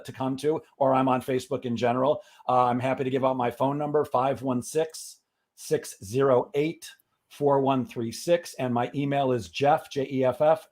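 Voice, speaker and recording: A man's voice: medium pitch, darkish tone. A middle-aged man guesting on a talk show, telling a personal story in an earnest way that builds to emphatic motivational advice. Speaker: guest, sales coach.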